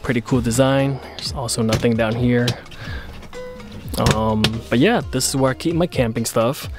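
A relaxed young man narrates his project in a joking, easygoing way, tossing in slang as he goes. His voice sits at an ordinary middle pitch. Music plays clearly in the background. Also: normal speed. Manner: relaxed, joking, says "bruh" often. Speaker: vlogger. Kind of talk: casual vlog narration. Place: inside a converted SUV.

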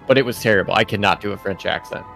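A man who is the guest on a casual game livestream, easygoing and quick with enthusiastic reactions. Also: lowish voice, gravelly, fairly bright tone, faint music behind. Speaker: guest co-host. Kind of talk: casual game stream chat.

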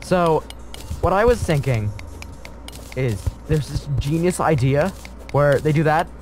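A man's voice: fairly high pitch, measured pace, a little mellow, soft background music. A man chatting casually while playing a video game, rambling through silly jokes and stories. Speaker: let's play co-host. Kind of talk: casual gaming commentary.

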